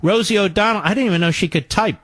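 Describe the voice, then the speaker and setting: A man's voice: high voice, quick pace, fairly bright tone, dry recording. A man hosting a talk show, delivering a combative political monologue with sarcastic, mocking asides.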